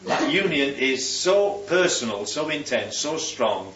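Lively man leading Bible study. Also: medium pitch, a little slow, noisy background. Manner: animated, quizzing the group with questions. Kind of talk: teaching a group discussion. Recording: roomy, distant, dull sound.

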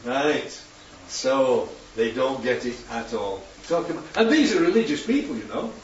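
A man's voice: mid-range voice, animated, measured pace. A man giving an informal Bible teaching talk, chatty and full of tag questions. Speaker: preacher teaching from slides. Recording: echoey room, distant dull mic, faint hum.

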